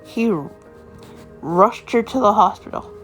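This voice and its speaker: A woman's voice: mid-range voice, slow pace, faint music behind. A woman casually narrating an improvised story in a rambling, home-made way.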